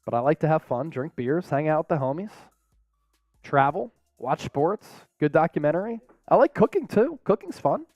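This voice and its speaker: A man's voice: a little high, expressive, normal speed, darkish tone, no echo, dull audio, soft background music. A man hosting a live sports stream, chatting casually in a laid-back, rambling way with frequent chuckles. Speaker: sports show host.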